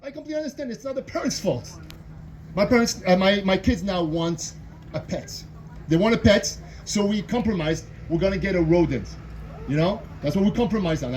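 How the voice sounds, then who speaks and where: A man's voice: high voice, a little fast, darkish tone, a little hiss or hum, low-quality recording. A middle-aged man with a French accent performing a stand-up comedy set on a club stage, chatty and always tagging his lines with "you know?".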